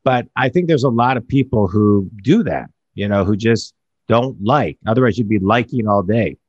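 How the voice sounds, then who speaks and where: Man, business coach, rambling chat, low voice, muffled dry call sound. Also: animated, moderate pace, breathy edge, no echo. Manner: rambling, restarts phrases. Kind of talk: casual podcast conversation.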